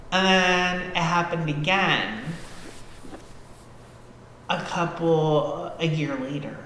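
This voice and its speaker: A woman guest on a podcast telling a story casually, animated and swearing freely as she acts out scenes. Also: lowish voice, takes it slowly, long pauses. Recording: echoey hall-like room with faint noise.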